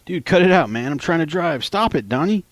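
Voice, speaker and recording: A man's voice: on the high side, animated, a little fast, no echo, pitched above the performer's own voice, natural voice. A man doing a whiny pleading young man.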